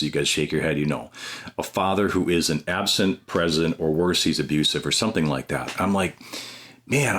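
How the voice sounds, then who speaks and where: On a podcast, a stay-at-home dad and former teacher shares personal stories in an interview. He speaks earnestly and animatedly in a low voice, often restarting his sentences.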